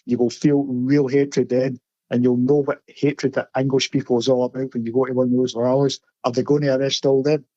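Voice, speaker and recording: A blunt Scottish man chatting as a podcast correspondent, telling stories in a low, mellow voice. His sound comes through a dull, lo-fi line that is dry and close, with no room around it. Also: level tone, brisk, dry recording. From Scotland. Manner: blunt, storytelling. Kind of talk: casual podcast chat.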